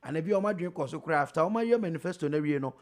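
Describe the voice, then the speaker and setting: Ghanaian talk show host, rapid-fire questions, slightly high voice. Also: male voice, animated, a little mellow. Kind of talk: political talk show interviewing.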